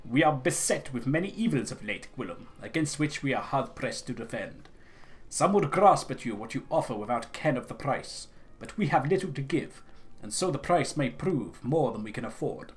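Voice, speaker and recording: A man voicing a proud, wary tribal chieftain, reading game dialogue in a gruff, skeptical, weighty way. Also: medium pitch, expressive, normal speed.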